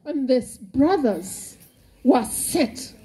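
A woman's voice: sits high, expressive, very slow, heavy background noise. A woman with a Kenyan accent preaching a Bible story, acting out the characters and breaking into hymn lines. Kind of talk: animated sermon storytelling.

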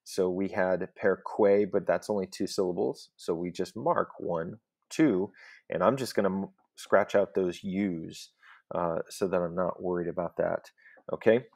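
Low gravelly male teacher. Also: steady tone, unhurried, darkish tone. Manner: patient, explanatory, checks in with "okay?". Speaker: Latin teacher. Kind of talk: recorded lesson.

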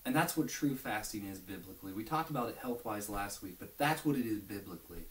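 A man's voice: fairly low pitch, animated, fairly quick. A young man giving an informal, earnest video sermon as a youth pastor, often dropping to near whispers. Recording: echoey room, mic at a distance, faint hiss.

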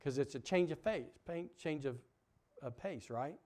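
A man preaching a sermon as pastor, emphatic, asking the congregation questions, swinging from loud peaks to quiet drops. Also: on the high side, a little slow. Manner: asks the congregation rhetorical questions.

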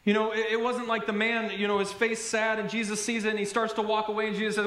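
High-voiced male pastor in echoey hall. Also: quick pace. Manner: animated storytelling, self-deprecating humor. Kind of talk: sermon. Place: church sanctuary.

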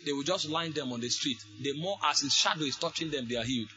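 A man preaching a sermon, fervent, with sudden shouted bursts. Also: a little high, quick pace.

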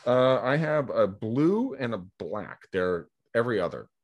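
In a muffled recording, a middle-aged Californian real estate agent talks a little slowly in a mid-range voice. Interviewed casually for a podcast over video call, he energetically spins rambling stories, quoting what people said.

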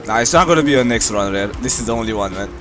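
Streamer type, man from Romania, young adult, low voice that swings up and down, loose rambling chat over background music. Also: rapid-fire. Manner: relaxed, rambling, many fillers. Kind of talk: casual chat with viewers. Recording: music playing behind.

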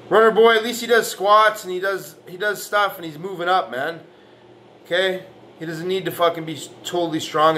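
Guy ranting and trash talking, cussing every other word, kinda high pitched, faint hiss in the back. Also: bright, forceful tone. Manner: boastful, aggressive, profane trash talk; argumentative, repeating "man" and "right". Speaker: fitness vlogger. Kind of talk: profane reaction rant.

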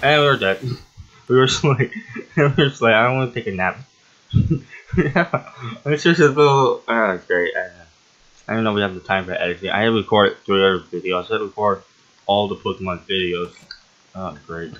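A man giving casual, excitable let's-play commentary as the host of a gaming channel, rambling and often yelping or laughing. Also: on the low side, normal speed, long pauses, dull audio.

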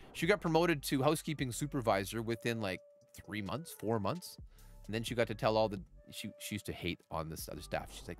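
A middle-aged man, chatting with his live chat while giving game commentary, swinging from calm tips to loud outbursts. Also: mid-range voice. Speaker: gaming livestreamer.

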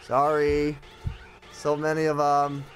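A man commentating on his gameplay at home, with his children beside him, often bursting into joyful shouts. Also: on the high side, completely flat delivery, slow pace, a little hiss or hum. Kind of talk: casual let's-play commentary.

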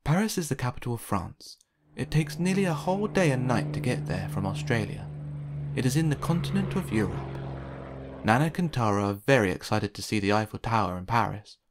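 A man calmly narrating a children's picture book aloud. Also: mid-range voice, fairly quick, a little hiss or hum. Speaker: storytime reader.

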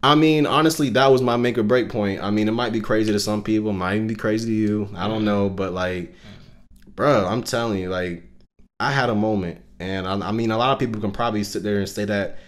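A man telling a personal faith story on a casual podcast, earnest and emotional, with lots of fillers. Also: fairly quick. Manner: rising pitch and loudness when recounting intense moments. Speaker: podcast co-host and Christian musician.

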